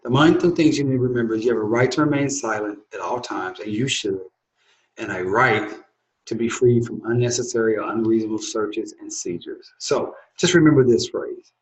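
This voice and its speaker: A man's voice: on the low side, fairly quick, roomy sound, low-quality recording. Emphatic male attorney drilling legal tips. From United States. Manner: emphatic and repetitive, like a preacher, drilling phrases. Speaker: attorney teaching legal rights. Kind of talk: direct-to-camera instructional talk.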